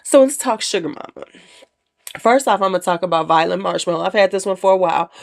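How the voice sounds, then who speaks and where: A woman's voice: mid-range voice, lively intonation, fast talker, vocal fry. A woman casually reviewing perfumes in a chatty, candid way, with slangy asides. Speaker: perfume vlogger.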